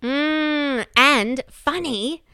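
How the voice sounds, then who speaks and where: A woman's voice: high voice, very slow, pushed and bright, no room sound, clean studio sound. A young woman co-hosting a casual chat podcast, speaking candidly and reflectively, with casual swearing. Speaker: podcast co-host.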